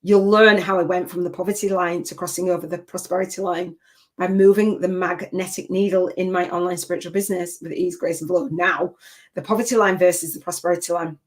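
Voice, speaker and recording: Emotional older woman, low-voiced coach. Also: little pitch movement, brisk. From United Kingdom. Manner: emotional, rambling and heartfelt, with restarts. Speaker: spiritual business coach. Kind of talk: live masterclass talk.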